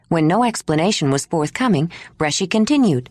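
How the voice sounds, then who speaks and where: A woman narrating an audiobook in an expressive reading style. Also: on the low side, moderate pace, no echo, studio quality. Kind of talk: scripted narration.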